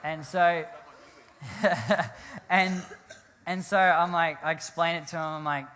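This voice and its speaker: A man, a pastor telling a rambling, animated story in a sermon, often laughing and restarting his sentences. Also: fairly high pitch, slow pace. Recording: long hall reverb.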